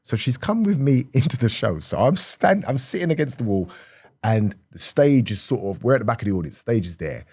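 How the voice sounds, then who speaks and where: A middle-aged man, a comedian telling an animated story in conversation, swinging from hushed to loud and laughing often. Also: medium pitch, fairly quick, breathy edge, no room sound, studio quality. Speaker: comedian guest.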